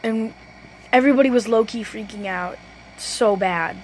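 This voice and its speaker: A woman's voice: moderate pace, slight background noise, poor audio. Rambling teenage girl vlogger. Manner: rambling, says "low-key" often; self-correcting, restarts sentences. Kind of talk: storytime vlog.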